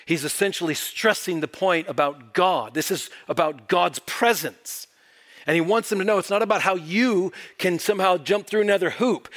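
A man preaching a sermon, emphatic, swinging from loud stresses to near whispers. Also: on the high side. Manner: emphatic, varying pace and volume, drops to near whisper.

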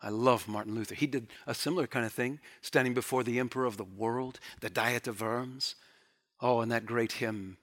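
A man preaches a sermon at a moderate pace, animatedly swinging from loud, excited bursts down to hushed, quiet emphasis. When acting out quoted speech, he throws in playful mock taunts.

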